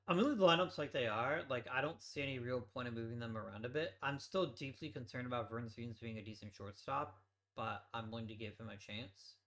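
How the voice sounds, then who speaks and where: A man's voice: medium pitch, brisk, hardly any pauses, fairly bright tone. A man hosting a let's play, giving casual gameplay commentary as he thinks aloud and swears offhandedly.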